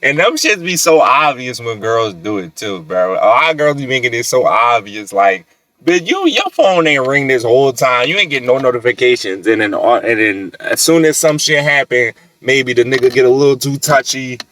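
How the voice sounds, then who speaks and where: A man's voice: medium pitch, very animated, moderate pace, fairly bright tone, no echo. A man giving casual, joking, slang-heavy reaction commentary. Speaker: reaction host.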